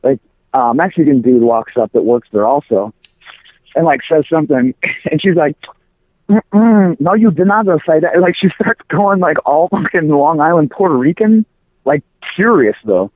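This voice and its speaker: A man's voice: on the high side, moderate pace, dry recording. Brash man on a tinny line. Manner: animated storyteller, mimics voices in quotes. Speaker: co-host. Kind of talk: casual podcast chat. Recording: dry, phone-like audio.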